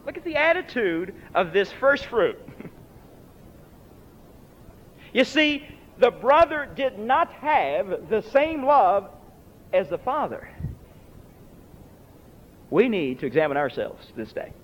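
A man's voice: big pitch swings, a little slow. A man preaching a sermon in an emphatic, dramatic way, his voice rising and falling sharply. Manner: emphatic, dramatic swings in pitch and loudness. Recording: lo-fi recording with long hall reverb.

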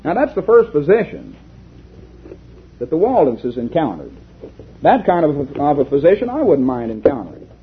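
A man's voice: on the high side, wildly swooping pitch, normal speed, pauses often, breathy edge. A man preaching a sermon, reading a story aloud and asking the congregation rhetorical questions. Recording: lo-fi tinny recording.

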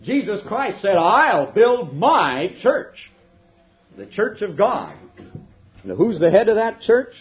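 A man preaching a sermon, firing rhetorical questions and swinging between loud declarations and hushed asides. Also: sits high, very animated, takes it slowly, lo-fi sound, a little hiss or hum. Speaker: minister preaching to a congregation.

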